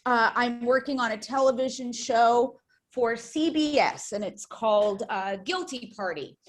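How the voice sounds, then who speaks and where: A woman actress chatting on a video call, playful and animated. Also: fairly high pitch, unhurried. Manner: playful, animated, does silly voices. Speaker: guest, actress. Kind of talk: casual video-call chat.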